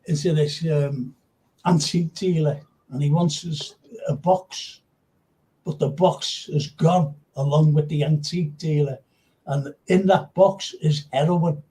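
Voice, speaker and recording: A man's voice: on the high side, fairly even intonation, slow, warm tone, rough recording. A man hosting a casual live football chat, rambling and reading out viewer comments. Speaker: host.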